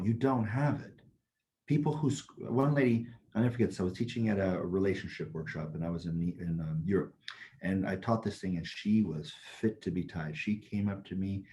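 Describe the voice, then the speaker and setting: A man's voice: deep voice, warm tone. A man co-hosting a casual podcast as a Taoist teacher, talking bluntly, swearing freely and telling stories with energy. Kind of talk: casual chat.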